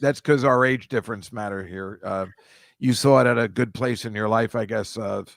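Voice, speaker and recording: A man's voice: fairly low pitch, fairly even intonation, normal speed, creaky, dry recording. A man co-hosting a podcast in casual chat, blunt and opinionated, laughing along. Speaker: podcast co-host.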